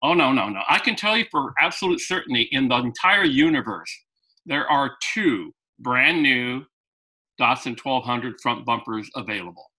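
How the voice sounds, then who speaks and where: A man who is a guest in an interview, telling an animated anecdote and often restarting his sentences. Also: mid-range voice, moderate pace, low-quality recording. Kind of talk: storytelling in conversation.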